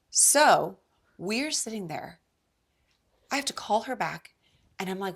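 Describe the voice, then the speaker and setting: Animated woman telling a client story. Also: lowish voice, moderate pace, husky. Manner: animated storyteller, acts out quoted voices. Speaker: real estate agent, podcast guest. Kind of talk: casual podcast chat.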